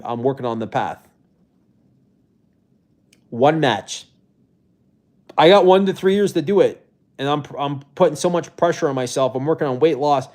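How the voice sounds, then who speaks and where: A male streamer speaks casually to his viewers from indoors at a rental home. His pitch sits in the middle for a man. He rambles, restarts his sentences often, and at times sounds close to tears. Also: a little mellow. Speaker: livestreamer.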